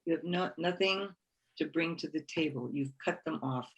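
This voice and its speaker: A woman speaker giving a reflective spiritual talk, gentle and encouraging, often repeating phrases for emphasis. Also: low voice, normal speed, slightly rough, rough recording. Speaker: conference speaker.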